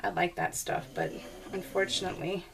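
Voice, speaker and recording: A woman's voice: on the low side, big pitch swings, a little fast, creaky, a bit bright, recorded from a distance. A woman chatting casually over her craft process video, rambling and giggling often. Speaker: scrapbooking vlogger.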